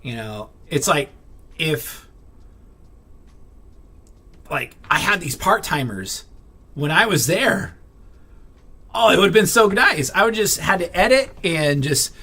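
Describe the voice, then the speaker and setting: A man talks straight to camera in a loose, rambling vlog, tripping over fillers and restarting his sentences. His voice sits fairly high and sounds bright and tense, and he comes across blunt and irritated, with the odd swear. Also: very animated, slow, long pauses, slightly rough. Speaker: vlogger. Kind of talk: casual venting to camera.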